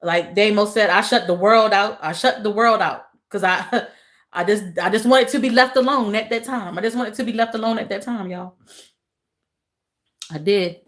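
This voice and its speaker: Woman, livestream host; casual chat with viewers, soft and emotional, repeats lines. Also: mid-range voice, normal speed. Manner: repeats phrases, talks to chat as y'all.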